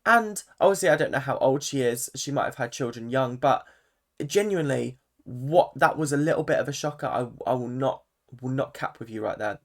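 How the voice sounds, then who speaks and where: A vlogger giving a casual, chatty recap of a reality show, full of fillers and animated asides. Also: mid-range voice. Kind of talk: casual commentary.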